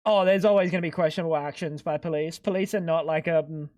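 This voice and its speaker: Man, high-pitched, rambling casual stream chat, swears a lot, dry close sound. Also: steady tone, fast, a little mellow, no echo. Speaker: live streamer. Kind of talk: casual chat while gaming.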